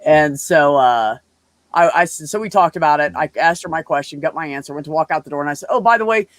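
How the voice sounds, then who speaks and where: A man in casual chat with a co-host, telling animated stories and swearing freely. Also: on the high side, quick pace, dry recording. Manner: animated storyteller, swears freely, acts out quotes. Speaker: podcast co-host; medical office worker.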